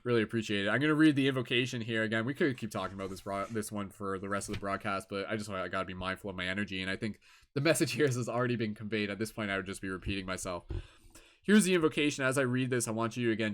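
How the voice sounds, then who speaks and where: A man hosting a live tarot stream, chatting casually with viewers in an animated, laid-back way, swearing and laughing often. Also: on the low side, rapid-fire. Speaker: tarot reader and livestream host. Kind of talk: casual livestream chat.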